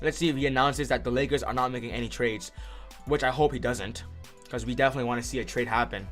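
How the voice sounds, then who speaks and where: A young man hosting a live sports stream, reacting excitedly and answering chat by name. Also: mid-range voice, fast, soft background music. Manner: excitable, reads chat names aloud.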